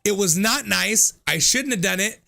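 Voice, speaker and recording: A man's voice: sits high, lively intonation, normal speed, vocal fry, pushed and bright. A man in his thirties, a streamer reading out viewer comments in a casual, jokey way, swearing freely and often laughing.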